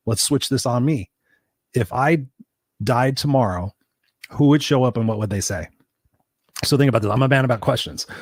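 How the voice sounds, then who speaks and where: A man's voice: mid-range voice, a little mellow, dry recording, studio quality. A man telling a personal story as a podcast guest and motivational coach, emphatic and speaking straight to the listeners. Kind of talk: storytelling interview talk.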